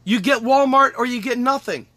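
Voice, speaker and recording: A man's voice: very high-pitched, moderate pace, pushed and bright, no room sound. A man delivering an angry, emphatic political monologue as host, swearing and repeating lines for effect. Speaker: podcast host.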